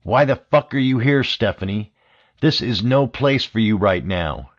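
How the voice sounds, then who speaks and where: A man reading an angry, bossy commune man in an audiobook, shouting and swearing. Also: on the low side, measured pace, muffled recording, voice pushed up.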